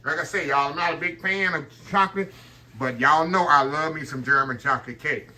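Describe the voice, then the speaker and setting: Bright-voiced folksy man. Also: a little high, fairly quick, slight background noise. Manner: folksy, keeps addressing viewers as y'all. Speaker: cooking show host. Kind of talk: casual cooking demonstration. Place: kitchen.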